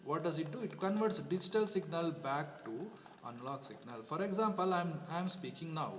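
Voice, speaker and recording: A man teaching a class in a fairly high voice, restating each point and checking with "okay" as he goes. The room has a long ringing echo, and he sounds set back from the mic. A faint hiss sits under his speech. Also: lively intonation, normal speed, far from the mic. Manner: repetitive, explains step by step with frequent "okay". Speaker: lecturer. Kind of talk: classroom lecture.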